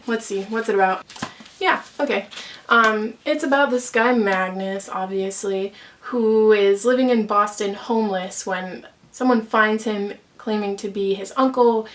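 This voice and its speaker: A young woman, chatting casually and gushing about books she loves, full of "like" fillers. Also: medium pitch. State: out of breath. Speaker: book vlogger. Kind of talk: casual book recommendations.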